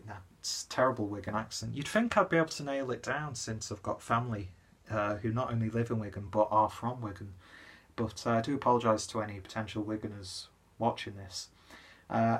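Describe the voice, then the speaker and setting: A man's voice: mid-range voice, moderate pace, fairly bright tone, breathy edge. A young man from northwest England, slightly tipsy, chatting in a rambling, self-deprecating way as he reviews a beer. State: slightly tipsy after a pub trip. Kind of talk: casual beer review vlog.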